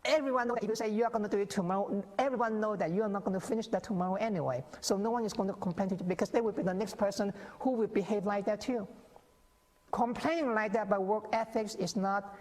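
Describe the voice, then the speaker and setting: A man's voice: sits high, quick pace, darkish tone. Earnest guy explaining stuff on a tv show, lots of restarts, reverby studio sound. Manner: earnest, repetitive, frequent restarts and stammered words. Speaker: interview guest, author. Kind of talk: TV interview, explaining at length.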